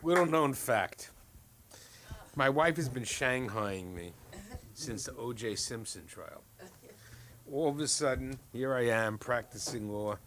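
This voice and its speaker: Dry, lower-voiced middle-aged man. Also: fairly bright tone, slight background noise. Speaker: lawyer doing stand-up. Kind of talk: anecdotal stand-up.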